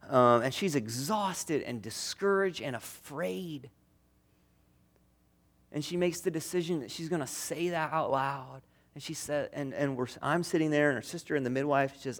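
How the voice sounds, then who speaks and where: A man preaching a sermon as pastor, earnest, moving between strong emphasis and hushed tender passages. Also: mid-range voice, normal speed. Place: church.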